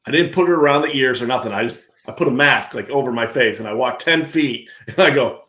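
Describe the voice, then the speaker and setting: A man co-hosting a casual podcast, telling a story in an animated, ranting way. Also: mid-range voice, quick pace. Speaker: podcast co-host. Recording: roomy echo.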